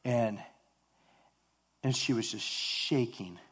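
A man giving an earnest sermon testimony about his mission work, halting and often repeating words as he speaks. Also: medium pitch, a bit bright, breathy edge.

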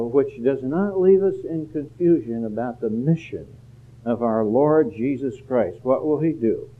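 A man preaching a sermon earnestly, building to emphatic, louder peaks. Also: medium pitch, lively intonation, unhurried. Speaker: pastor. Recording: phone-like narrow band.

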